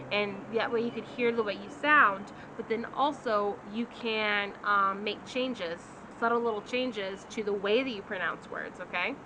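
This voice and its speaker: A woman teaching Spanish in a casual, energetic monologue, often checking in with "okay?". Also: fairly high pitch, background noise.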